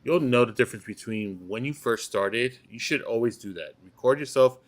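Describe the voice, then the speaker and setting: A man hosting a real estate podcast in casual chat, starting haltingly before giving his advice. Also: mid-range voice.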